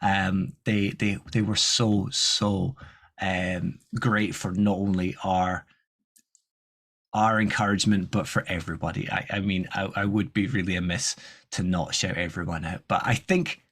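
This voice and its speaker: A man's voice: sits low, fairly even intonation, measured pace, fairly bright tone. A man co-hosting a running podcast, chatting casually and rambling with many restarts. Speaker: podcast co-host. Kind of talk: casual chat.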